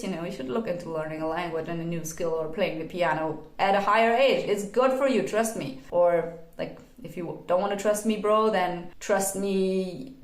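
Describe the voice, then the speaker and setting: A young woman giving a blunt, opinionated, sweary monologue to camera in English that is not her first language, sometimes mocking people in put-on quotes. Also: lowish voice. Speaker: video essayist. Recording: echoey room.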